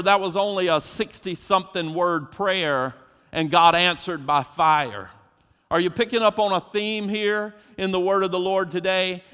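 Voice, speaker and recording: A man's voice: sits high, bright, forceful tone, smooth. A man preaching a sermon as pastor, emphatic and preacherly, putting questions to his congregation. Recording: long hall reverb.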